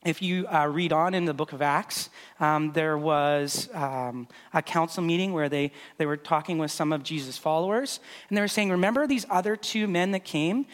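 A male pastor gives a casual sermon, leading volunteers through a demonstration in a loose, conversational way packed with fillers. His voice is fairly high and fairly bright, at a moderate pace with hardly any pauses. Long hall reverb surrounds the recording.

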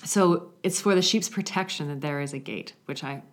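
A woman telling a story in a conversational faith reflection, animated, with hushed passages. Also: sits low, moderate pace. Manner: storytelling, animated, drops to a hushed voice for quiet moments.

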